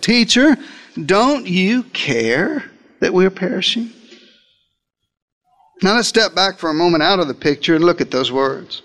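Male preacher, high voice, dramatic first-person storytelling sermon, talks straight to the congregation. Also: fairly bright tone. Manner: addresses listeners directly.

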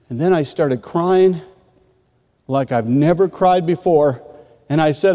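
A man who leads a congregation, telling his story with lively, dramatic storytelling and slipping into the voices of others. His voice sits a bit high for a man, and long reverb from a large hall trails after every phrase. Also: slow, long pauses. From rural Michigan, USA. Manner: animated storytelling, acting out quoted voices. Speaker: pastor. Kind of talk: testimony sermon.

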